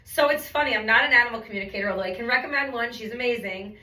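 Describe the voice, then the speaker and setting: A woman's voice: fairly high pitch, racing, sharp tone. A woman telling stories in a casual chat, acting out what people said. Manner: chatty storyteller, acts out quotes. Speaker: medium, podcast guest. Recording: echoey room, far from mic.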